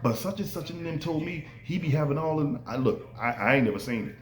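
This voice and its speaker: Guy with doing a podcast rant, super animated, roomy echo. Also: on the high side, quick pace. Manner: animated, acts out quoted voices. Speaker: podcast host. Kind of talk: casual podcast monologue. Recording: echoey room with faint ambience.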